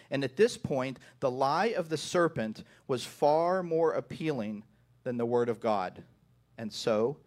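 A man preaching a sermon to his congregation. He often repeats the first words of a phrase and keeps asking "right?". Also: mid-range voice. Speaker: pastor.

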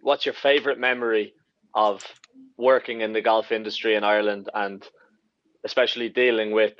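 Male moderator, mid pitch, rambling question style, muffled recording. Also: a bit bright. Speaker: panel moderator. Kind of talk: hosting a panel discussion. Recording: dull muffled sound.

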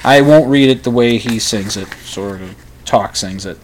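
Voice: medium pitch, moderate pace, slight background noise. An adult speaker chatting casually and hesitantly, chuckling while introducing a song to read aloud. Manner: chuckling, hesitant, lively intonation. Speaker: reader of song lyrics. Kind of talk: casual spoken commentary.

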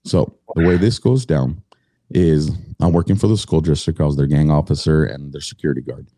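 A man's voice: rumbling low, brisk, mellow, no echo, studio quality. A middle-aged man telling his story as a podcast guest, blunt and indignant, swearing freely.

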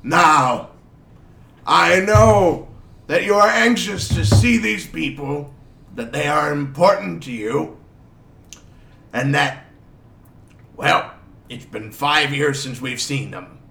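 A man's voice: on the high side, slow pace, vocal fry, long pauses, sharp tone, voice pushed up, full character voice. A man voicing a pompous, cigar-smoking duke who speaks in a placating, grand manner. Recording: roomy echo.

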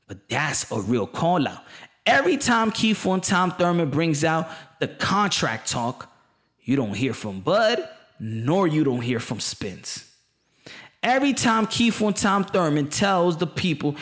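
A man's voice: high voice, very animated, a little slow, fairly bright tone. A man giving an opinionated monologue, emphatic and passionate, repeating his points in casual slang. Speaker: boxing commentator. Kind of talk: opinionated boxing commentary monologue.

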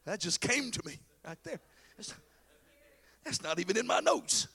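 A man preaching a sermon as pastor, telling a story with lively, casual acted-out voices. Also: sits high, normal speed, creaky, slightly rough. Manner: animated storytelling, acting out biblical characters in casual slang.

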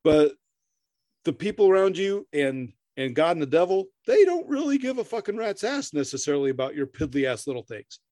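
A man's voice: on the high side, very animated, a little fast, mellow, no echo, studio quality. A middle-aged man co-hosting a podcast in casual chat, rambling, swearing freely, laughing often and stammering through restarts. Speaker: podcast co-host.

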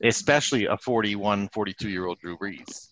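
A man's voice: fairly low pitch, normal speed, fairly bright tone, slight background noise. A man talking casually on a sports podcast, often hedging with "I mean". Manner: conversational, hedges with "I mean". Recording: slightly dull lo-fi sound.

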